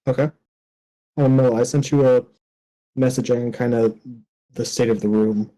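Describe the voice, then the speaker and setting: A man describes his character for a tabletop game, pausing often with fillers as he lays out the details. His voice is mellow and dark in tone. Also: medium pitch, steady tone, low-quality recording. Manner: halting, many fillers. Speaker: player.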